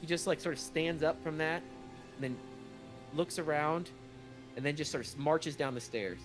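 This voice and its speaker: A man runs a tabletop game, narrating scenes in a slightly high voice full of ums and restarts. Soft music plays faintly behind him. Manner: halting, lots of uhs and restarts. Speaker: game master.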